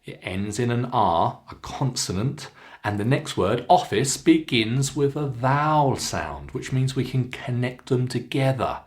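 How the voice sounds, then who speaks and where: A man with a Southern British accent teaching a pronunciation lesson, stretching out clear model words with careful emphasis. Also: medium pitch, sing-song, measured pace. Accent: Southern British English. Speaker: pronunciation coach. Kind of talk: slow, deliberate pronunciation lesson.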